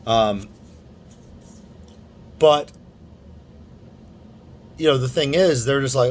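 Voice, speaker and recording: A man's voice: medium pitch, extremely slow, long pauses, slight background noise. A young man talking to camera in a casual, rambling monologue, full of restarts and asides. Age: young adult. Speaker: vlogger.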